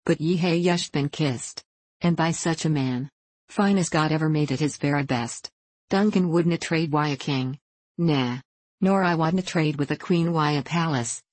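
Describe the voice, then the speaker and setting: A woman voices a motherly older Scottish farm wife, slow and heartfelt in broad dialect. Her voice sits low and close, with no room around it. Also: a little mellow, no room sound.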